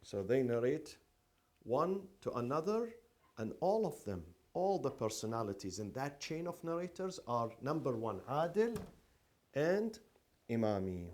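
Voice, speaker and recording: A man teaches a classroom lecture. He keeps asking the class questions and repeats each key term several times, and his pitch swings widely. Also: big pitch swings, measured pace, a little mellow.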